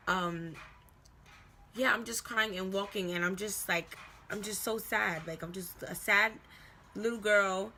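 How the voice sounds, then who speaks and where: A young woman telling a casual storytime vlog, animated and slangy, acting out quoted voices. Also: medium pitch, a little hiss or hum. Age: young adult.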